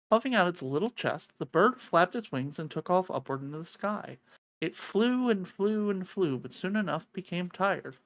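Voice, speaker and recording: A woman reading a visual novel aloud, an expressive reader who breaks off to swear and joke, on a close mic. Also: lowish voice, normal speed, dry recording. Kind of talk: reading a game's narration aloud with live reactions.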